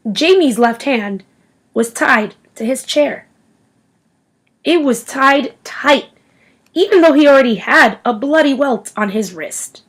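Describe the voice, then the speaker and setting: A woman reading a novel aloud as expressive storytelling. Her voice sits a little high and rises and falls in a lively way. She brings the narration along with plenty of movement in her tone. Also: slightly rough, rough recording. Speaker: audiobook reader.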